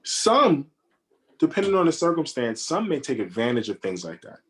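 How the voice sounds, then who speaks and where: A man's voice: fairly high pitch, sing-song, moderate pace, fairly bright tone. A man co-hosting a casual film-review chat over a video call, repeating words as he builds his argument. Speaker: podcast co-host reviewing a film. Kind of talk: casual group discussion.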